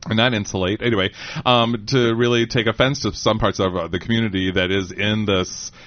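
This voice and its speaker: A man's voice: fairly low pitch, steady tone, fairly quick. A man co-hosting a casual chat, telling a story in a rambling way with many fillers and laughs. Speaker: co-host. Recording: slightly muffled lo-fi audio.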